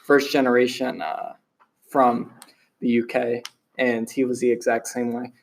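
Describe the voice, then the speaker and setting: Relaxed man telling stories. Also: mid-range voice, measured pace, slight background noise. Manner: relaxed storytelling, laughs often. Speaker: podcast co-host. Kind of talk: casual chat.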